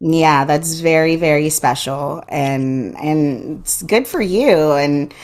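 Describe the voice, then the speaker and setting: Slow-speaking woman podcast host. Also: low voice. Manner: laughs often, warm reactions. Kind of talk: casual interview.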